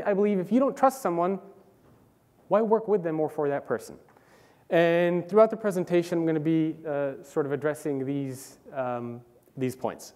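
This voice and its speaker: Animated man speaking in a hall. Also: fairly high pitch. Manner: casual and animated, with many fillers and restarts. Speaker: conference speaker. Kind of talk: conference presentation. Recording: hall reverb.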